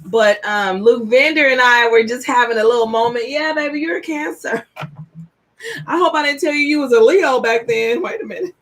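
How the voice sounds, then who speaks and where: A woman reading tarot cards on a live stream, chatty and excitable, with casual slang. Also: on the high side, moderate pace. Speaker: tarot reader.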